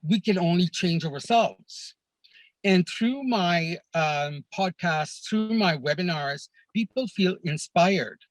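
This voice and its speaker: A man, a guest on a podcast, telling a travel story in a slow, deliberate way with pauses. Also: high voice, no echo, low-quality recording. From Canada. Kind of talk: storytelling in a casual interview.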